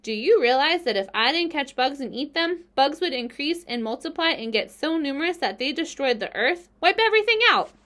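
A woman's voice: a little high, expressive, moderate pace, fairly bright tone. Charlotte, a woman doing a thin-voiced clever spider. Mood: frank. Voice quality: thin and pleasant. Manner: matter-of-fact and composed. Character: clever female spider, calm and frank.

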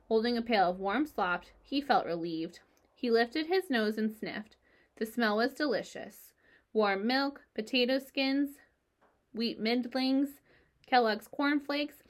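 A woman reads a children's novel aloud with an expressive, lively delivery. Her voice sits a bit high, and she switches into character voices readily. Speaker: narrator.

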